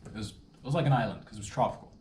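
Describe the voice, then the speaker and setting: A man's voice: medium pitch, racing, darkish tone, slight background noise. A man riffing through a rambling, self-interrupting comic monologue in a playful tone. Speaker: comedian. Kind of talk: improvised comedic monologue. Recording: roomy echo with faint ambience.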